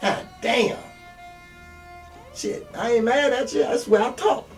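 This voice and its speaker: A man preaching bluntly with heavy swearing, jumping from loud peaks down to low mutters. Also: slow pace, far from the mic, faint music behind. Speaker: street preacher. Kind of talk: profane motivational sermon.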